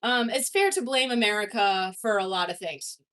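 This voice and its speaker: A woman's voice: mid-range voice, normal speed, a bit bright. A young woman from Canada chatting casually on a livestream, reading chat comments, swearing and laughing easily.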